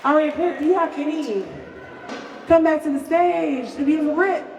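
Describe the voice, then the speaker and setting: A woman emceeing a live show, hyping the audience with loud, repeated calls. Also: sits high, moderate pace, far from the mic. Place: stage at a live show in a large venue. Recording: roomy hall miked from afar, with music and crowd noise. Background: music and a cheering crowd.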